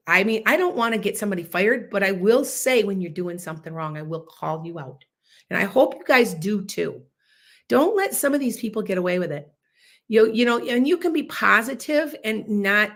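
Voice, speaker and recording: A woman, hosting a podcast livestream and chatting casually as a loud, boisterous storyteller. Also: mid-range voice, lively intonation, normal speed. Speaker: podcast host.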